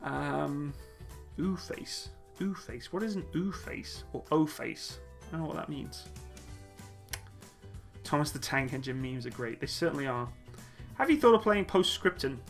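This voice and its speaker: A man's voice: fairly high pitch, lively intonation, a little slow, vocal fry. A man hosting a casual live Q&A stream, reading chat questions aloud in a jokey, laid-back way and laughing easily. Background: faint upbeat music.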